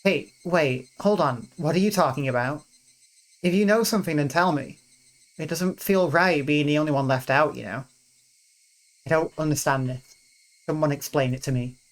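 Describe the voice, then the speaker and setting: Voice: mid-range voice, normal speed, long pauses, lightly acted, low-quality recording. A game streamer voicing a stubborn, curious teenage boy from a visual novel, pressing with insistent questions.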